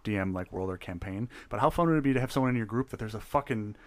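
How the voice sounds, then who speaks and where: A man's voice: lowish voice, animated, fast. A tipsy young man co-hosting a podcast, rambling in casual chat, laughing often and trailing off. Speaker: podcast co-host.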